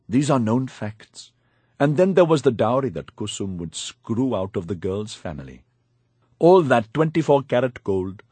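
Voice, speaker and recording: A man's voice: medium pitch, a little mellow, breathy edge, no room sound. A man narrating a first-person audiobook in a wry, confiding storytelling manner, on a close studio mic.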